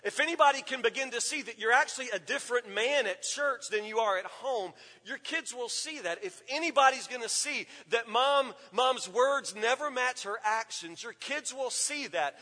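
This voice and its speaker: A man's voice: very high voice, sharp tone. A man preaching a sermon as pastor, emphatic and repetitive, often asking the congregation questions. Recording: long reverb of a large hall.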